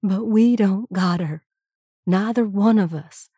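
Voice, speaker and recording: Woman as grieving father: low-key, hushed, slow and gentle. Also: breathy edge, no room sound, studio quality. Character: quiet grieving father of a boy.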